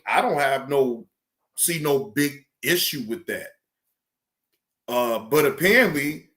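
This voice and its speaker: A man hosting a livestream, giving casual reaction commentary in an animated, repetitive, teasing way. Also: a little high. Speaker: livestream host.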